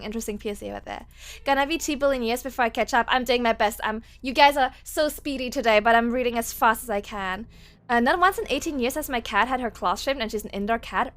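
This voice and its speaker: High-voiced woman streamer, laughing and rambly. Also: a bit bright. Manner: laughs often, swears casually, rambly. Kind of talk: casual livestream chat, reading chat aloud. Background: faint game-soundtrack music.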